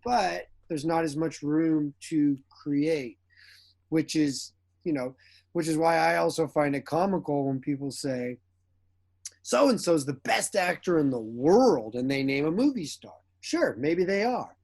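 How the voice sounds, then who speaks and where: Animated man telling industry stories. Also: on the high side, unhurried, gravelly. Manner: animated storyteller who acts out quotes, laughs often. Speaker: actor and director guest. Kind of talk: casual interview chat.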